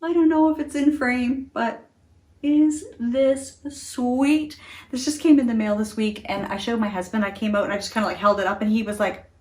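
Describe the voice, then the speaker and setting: A woman's voice: on the high side, steady tone, fast talker. A middle-aged woman in a casual talk to camera, chatty and earnest, laughing often. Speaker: beauty vlogger.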